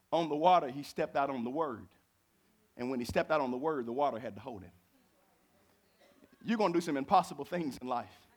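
A middle-aged pastor preaching a sermon, swinging from low, chatty asides to high, fervent climbs. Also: male voice.

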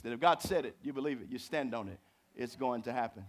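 A middle-aged pastor preaching a sermon, swinging from low, chatty asides to high, fervent climbs. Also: male voice, fast.

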